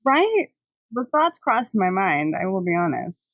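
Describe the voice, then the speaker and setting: A woman's voice: mid-range voice, sing-song, measured pace, no echo. A young woman hosting a podcast, chatting casually with many fillers and frequent laughs. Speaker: podcast host. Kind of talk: casual chat.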